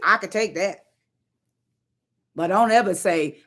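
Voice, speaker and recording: A woman leading an informal sermon. She speaks emphatically and conversationally, repeating key lines slowly. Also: mid-range voice. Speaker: prayer leader.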